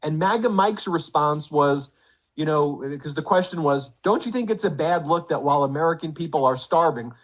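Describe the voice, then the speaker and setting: A man's voice: fairly high pitch, expressive, normal speed. A man giving a political commentary monologue, reading quotes aloud in an indignant rush.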